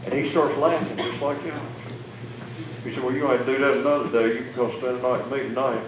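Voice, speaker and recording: A man telling an emotional personal testimony to an audience, folksy and plainspoken, with big swings in loudness. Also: mid-range voice, fairly even intonation, fairly quick. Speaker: testimony speaker. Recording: echoey room, far mic, noisy.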